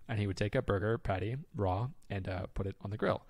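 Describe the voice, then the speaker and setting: A man's voice: fairly low pitch, steady tone, quick pace, vocal fry, darkish tone, husky, dry recording. A man co-hosting a podcast in casual chat, rambling enthusiastically with many fillers and restarts.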